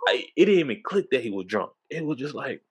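Animated man telling a story. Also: mid-range voice, fast talker, slightly rough. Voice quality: animated, emphatic storytelling with bursts of laughter. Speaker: storyteller recounting a party. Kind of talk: casual chat.

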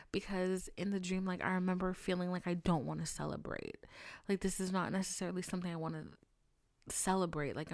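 A woman talks to her podcast mic up close, and the sound is dry with no room in it. She swings between hushed asides and loud, exasperated bursts, with lots of swearing and big dramatic delivery. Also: on the low side, no room sound. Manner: animated, profane, dramatic swings into loud outbursts and whispers. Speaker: podcast host. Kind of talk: casual solo podcast storytelling.

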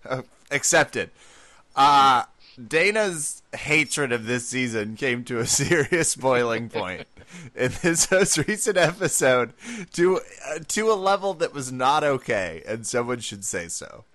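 A man's voice: mid-range voice, sing-song, unhurried, sharp tone, no echo. A man co-hosting a podcast, chatting casually with dry, amused banter. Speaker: podcast co-host. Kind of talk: casual chat.

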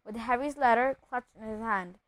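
A woman with a fairly high voice reads a children's novel aloud at a steady pace. She sometimes stumbles and restarts a phrase. The recording is dry and close, with no room sound. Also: normal speed, no echo, poor audio. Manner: steady reading with occasional slips and restarts. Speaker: reader.

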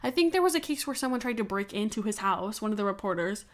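A woman's voice: mid-range voice, lively intonation, fast talker. A young woman co-hosting a true-crime podcast, talking casually and with strong opinions, laughing often and swearing. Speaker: podcast co-host.

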